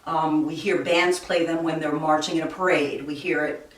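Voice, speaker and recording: A woman teaches music, explaining things slowly and carefully and counting beats out loud. Her voice sits a little low and comes from some distance from the mic, in a room with heavy echo. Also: steady tone. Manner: slow, deliberate explaining, counting beats aloud. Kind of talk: recorded classroom lesson. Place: room with a piano. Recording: very echoey room, voice away from mic.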